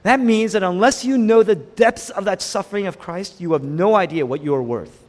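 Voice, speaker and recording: A man preaching a sermon, swinging between loud exclamations and hushed whispers, asking his listeners rhetorical questions. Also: sits high, moderate pace. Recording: long hall reverb.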